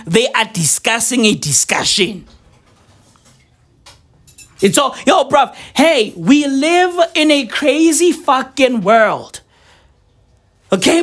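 A young woman rants in a casual vlog monologue, swearing freely and leaning on slang. Her voice sits high, and she stretches her words out slowly and deliberately. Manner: profane, slangy, animated, drawn-out. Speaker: vlogger.

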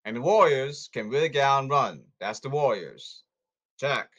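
A man's voice: mid-range voice, lively intonation, normal speed, fairly bright tone, muffled recording. A man hosting a sports podcast who talks in a blunt, hectoring way and repeats himself, in a casual commentary monologue.

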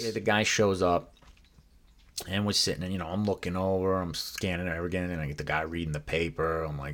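Low-voiced man telling a profane story. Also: fairly quick. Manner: profane, rambling, with many fillers and restarts; acts out other people's lines in quoted voices. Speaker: guest recounting his past. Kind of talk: casual spoken storytelling.

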